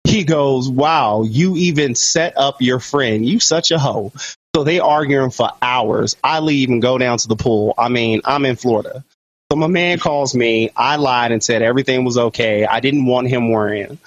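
A man co-hosting a podcast, telling a story in an animated, profane way and jumping into higher voices for the people he quotes. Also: normal speed, no echo. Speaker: podcast co-host. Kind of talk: comic storytelling. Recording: dull, dry lo-fi sound.

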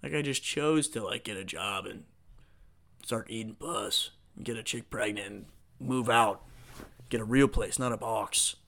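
A man hosting a solo podcast, talking in a rambling, profane, excitable way. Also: fairly low pitch, unhurried, gravelly. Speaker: podcast host.

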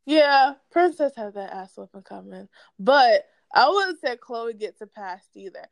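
Woman podcast co-host, casual gossip chat, profane, animated, lively pitch, dry close sound. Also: measured pace, creaky, dry recording. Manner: animated, profane, laughs often.

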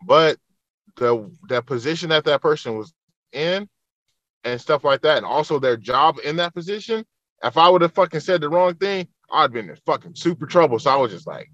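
A man's voice: a little high, animated, moderate pace, fairly bright tone, no echo, lo-fi sound. A man in a casual podcast chat who swears freely and tells stories, acting out what people said. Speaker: podcast guest.

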